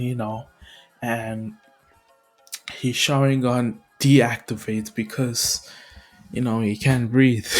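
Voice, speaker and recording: A man casually retells a fan story at an unhurried pace, rambling and dropping fillers as he goes. His voice sits at a middling pitch, with faint music in the background. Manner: rambling, full of fillers and laughs.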